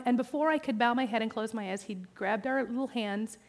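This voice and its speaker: A woman pastor preaching a sermon, personal and animated, with self-deprecating humor. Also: fairly high pitch, fairly quick. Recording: reverberant hall.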